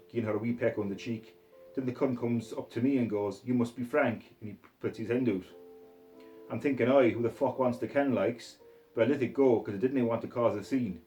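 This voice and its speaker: A man reading a story aloud in the first person, putting on a Scottish accent and talking in a rough, swaggering way. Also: mid-range voice, mellow. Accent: put-on Scottish accent. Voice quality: rough, profane, swaggering narration in character. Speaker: reader of a short story.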